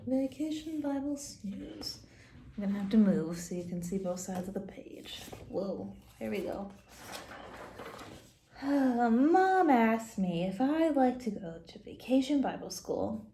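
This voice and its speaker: A woman's voice: mid-range voice, lively intonation, a little slow, warm tone, slight background noise. Giggly woman reading a kids' book. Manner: giggly, playful. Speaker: Sunday school teacher. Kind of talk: reading a picture book aloud to children. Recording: roomy echo.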